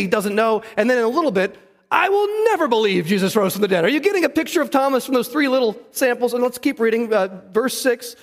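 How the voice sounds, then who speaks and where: High-voiced pastor preaching in a reverberant hall. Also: male voice, expressive, fast. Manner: conversational preaching, asks the congregation questions. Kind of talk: sermon. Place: church sanctuary.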